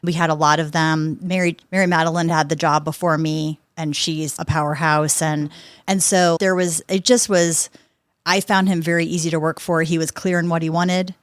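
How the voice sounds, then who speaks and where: A woman in her fifties, a guest on a podcast, telling lively anecdotes and acting out what people said. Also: low-pitched, moderate pace, no echo, studio quality. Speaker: podcast guest, sports executive. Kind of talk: conversational interview storytelling.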